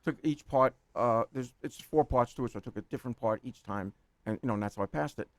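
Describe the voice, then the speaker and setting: Fast-talking New York man in his sixties. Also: medium pitch, no echo. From New York City. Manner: rambling, laughs often, repeats words. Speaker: guest. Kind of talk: casual chat.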